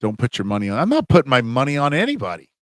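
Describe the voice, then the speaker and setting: A man's voice: mid-range voice, wildly swooping pitch, racing, fairly bright tone, dry recording. A middle-aged man, a college humanities instructor, wrapping up a livestream class in a chatty, rambling way with lots of fillers and restarts. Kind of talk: casual livestream class wrap-up.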